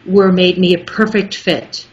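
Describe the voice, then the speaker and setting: A middle-aged woman talking as an interview guest, telling stories in a lively, articulate way. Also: on the low side, a little slow. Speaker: guest, audiobook narrator. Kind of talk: casual interview chat. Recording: muffled with faint background noise.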